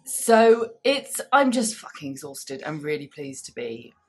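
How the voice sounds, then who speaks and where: A woman in her thirties co-hosting a podcast, chatting casually with wry, deadpan asides. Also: low voice, unhurried, slightly rough. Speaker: podcast co-host. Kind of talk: casual chat. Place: small public toilet.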